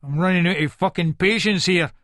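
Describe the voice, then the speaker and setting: A man's voice: high-pitched, a little fast, a bit bright, no room sound, clean studio sound. Begbie, a menacing Scottish hard man. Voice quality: coarse, swearing, menacing. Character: violent, menacing male Edinburgh hard man. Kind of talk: first-person audiobook narration.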